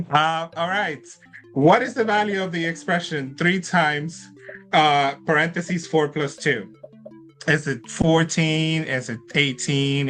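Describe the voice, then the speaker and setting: A cheerful man with a slightly raised pitch runs an online trivia game, chatting freely and laughing between questions. Faint music plays quietly under his voice. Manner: upbeat and chatty, laughing often. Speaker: trivia quiz host. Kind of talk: hosting an online trivia quiz. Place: online event with participants in chat.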